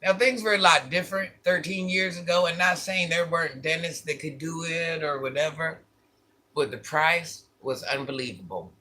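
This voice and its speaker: A man tells a personal story straight to his viewers in a casual, candid vlog. His voice sits a little high, with a bright, tense edge and a husky grain. He repeats phrases to drive his points home. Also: normal speed. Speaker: vlogger.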